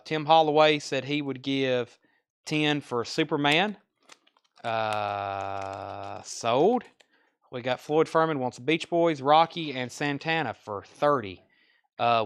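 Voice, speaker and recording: A man's voice: medium pitch, a bit bright, smooth. Chatty Southern US man selling records. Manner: rattles off album titles and prices, chatty asides. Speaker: host of a live online record sale. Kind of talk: casual live-stream sales patter.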